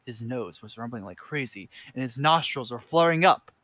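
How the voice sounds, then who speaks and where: Brief: man, medium pitch, dramatic comedic narration, trips over words and corrects himself. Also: animated, normal speed, very noisy. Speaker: reader. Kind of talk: comedic fanfiction reading.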